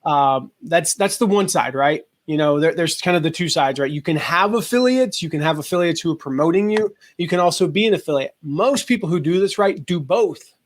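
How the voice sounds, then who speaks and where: A man in his forties, a guest on a podcast, telling lively stories and acting out the voices of people in them. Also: on the high side, fairly quick. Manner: animated storyteller acting out quoted voices. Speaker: guest, affiliate marketing expert. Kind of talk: storytelling in a podcast interview.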